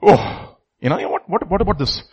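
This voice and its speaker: A man's voice: high-pitched, expressive, quick pace, a little mellow, breathy edge, low-quality recording. A man preaching a sermon who stresses his points by repeating phrases and putting questions to the congregation.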